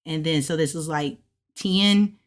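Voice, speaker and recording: A woman learning a language who casually walks through her study notes, chatty and relaxed, often checking in with "right?". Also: low-pitched, unhurried. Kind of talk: casual step-by-step explanation.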